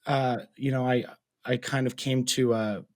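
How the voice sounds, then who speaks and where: A man's voice: medium pitch, little pitch movement, unhurried, a little mellow, no echo. Earnest young man, dry close sound. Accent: Canadian. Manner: earnest, talkative, many fillers and restarts. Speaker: guest, mental health advocate. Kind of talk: personal storytelling in an interview.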